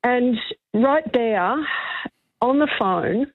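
A woman's voice: on the high side, lively intonation, drawn-out words, no echo. A woman in her sixties with an Australian accent, calling in to a radio show and telling a story in an emotional, effusive way. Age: 60s. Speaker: caller. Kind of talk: casual chat. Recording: tinny phone line.

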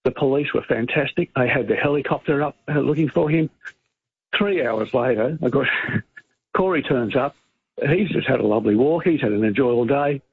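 A man's voice: medium pitch, normal speed, husky, no echo. An Australian man calling in to a radio show, telling a story earnestly with many fillers. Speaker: caller. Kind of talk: phone-in story. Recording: tinny phone line.

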